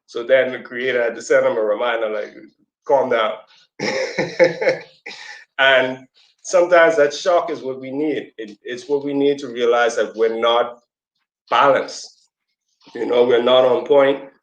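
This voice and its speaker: A man giving a casual teaching talk to a community audience, telling a story in a loose conversational way. He sometimes acts out quoted voices in a squeaky high pitch. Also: fairly even intonation, unhurried, muffled recording. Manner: conversational, loose, with fillers and asides. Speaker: speaker at a community presentation. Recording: roomy echo.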